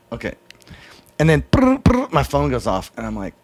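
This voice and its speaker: A man's voice: mid-range voice, huge pitch swings, moderate pace, no echo. A man, a drummer telling loose, profane, rambling stories in a casual interview and acting out other people's lines. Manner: loose, profane, rambling storyteller who acts out quoted voices.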